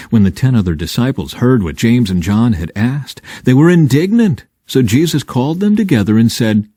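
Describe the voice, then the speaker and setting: Male scripture reader: warm, mellow tone, dry close sound, expressive measured delivery. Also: fairly low pitch, dry recording. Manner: expressive, measured reading with dramatic emphasis. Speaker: Bible reader. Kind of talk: scripture reading.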